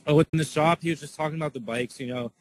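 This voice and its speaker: A man giving a casual spoken eyewitness account to his viewers, answering questions in a halting way full of "like" and restarts. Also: on the high side, darkish tone, rough recording. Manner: halting, filler-heavy, lots of "like" and restarts.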